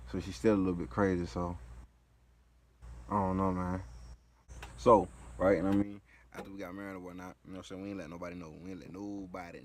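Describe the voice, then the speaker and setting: A man's voice: low voice, slight background noise. A man casually telling a story, rambling and slangy, with lots of filler phrases. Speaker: vlogger.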